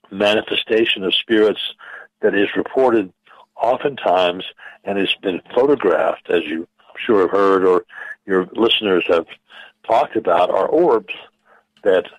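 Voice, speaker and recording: A man, a physicist guest on a radio interview, explaining in a measured, halting way with many fillers and restarts. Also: lowish voice, slightly rough, no echo, lo-fi sound.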